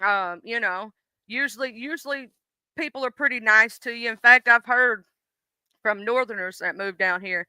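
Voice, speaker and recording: A woman with a Southern US accent chats casually on her live stream, calling out viewers by name in a folksy, easygoing way. Her voice is very bright and clear. The sound is close and dry. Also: a little high, moderate pace, dry recording. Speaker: livestream host. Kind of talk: casual chat reading viewer comments.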